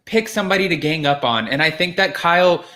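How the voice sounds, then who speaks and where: A co-host chatting on a live recap show in a mid-range voice. The talk is loose and rambling, with restarts and quick mimicked quotes of other people. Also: medium pitch, expressive, sharp tone. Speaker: podcast co-host. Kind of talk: casual live recap chat.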